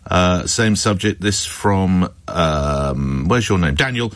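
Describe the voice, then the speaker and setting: A man hosting a radio phone-in, brisk and probing with callers, at times sympathetic. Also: low-pitched. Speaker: radio host. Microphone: studio microphone.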